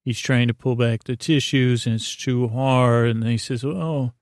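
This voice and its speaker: A man's voice: medium pitch, little pitch movement, moderate pace, darkish tone, dry recording, studio quality. A man hosting a podcast, telling a meandering story in a casual monologue and searching for words as he goes. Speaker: podcast host.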